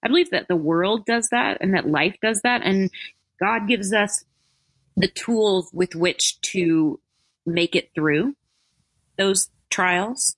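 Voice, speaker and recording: A woman's voice: mid-range voice, takes it slowly, husky, no room sound. A woman being interviewed, talking casually and animatedly with self-deprecating asides. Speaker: interview guest.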